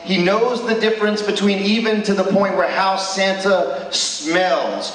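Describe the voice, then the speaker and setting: A man's voice: high-pitched, a little slow, fairly bright tone. A man preaching a sermon at a school chapel, emphatic and full of rhetorical questions. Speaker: chapel speaker. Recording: echoey hall, distant mic.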